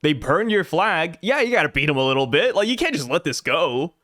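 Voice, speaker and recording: A man co-hosting a podcast in casual chat, animated and quick with his points. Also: fairly high pitch, dry recording, clean studio sound. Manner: animated, agreeing, quick asides.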